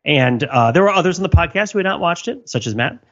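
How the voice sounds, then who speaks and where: A man's voice: a little high, expressive, fast talker, fairly bright tone. A middle-aged man hosting a podcast, chatting casually in a wry, rambling way. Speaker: podcast host. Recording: slightly muffled podcast audio.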